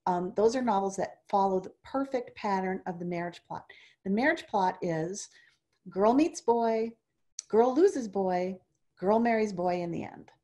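A woman with a mid-range voice speaks as a panelist at a book club and explains her points in an orderly way. She often pauses with "uh" between her ideas. The sound comes through a video call. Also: medium pitch, warm tone. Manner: explanatory and organized, with "uh" fillers. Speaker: literature panelist. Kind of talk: prepared book club remarks.

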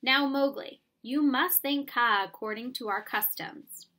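A woman doing a proud black panther who speaks firm and serious. the lines come out steady and clipped. it is a plain storybook read-aloud. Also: high-pitched, a little slow, full character voice. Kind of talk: storybook reading.

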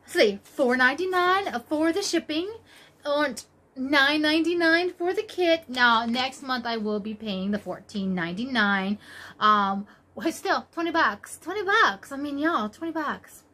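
A woman chatting casually as she unboxes yarn, gushing and exclaiming, her voice jumping high when she gets excited. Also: unhurried. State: tired after work. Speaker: crochet vlogger.

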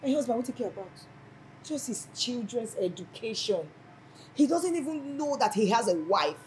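Actress as a bitter, envious Nigerian wife. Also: female voice, on the high side, expressive, normal speed, darkish tone, slight background noise, natural voice, rough recording. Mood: complaining. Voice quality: repeats herself, mixes in Pidgin. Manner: dramatic, dismissive complaining. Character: frustrated married woman, envious and bitter. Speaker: wife complaining about her husband. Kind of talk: Nollywood film acting.

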